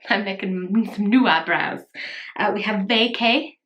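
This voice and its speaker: A woman in her thirties talks through a makeup tutorial in a casual, chatty way. She keeps a middle pitch and teases herself as she goes. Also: a little slow, a bit bright, muffled recording. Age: 30s. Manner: chatty, playful and self-mocking. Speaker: makeup vlogger.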